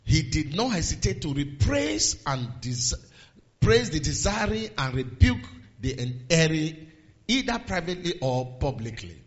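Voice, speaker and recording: A man preaching a sermon, swinging from low murmurs to raised exhortations and quoting scripture in old-fashioned phrasing. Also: big pitch swings, a little slow, lo-fi sound. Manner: quotes scripture in King James phrasing.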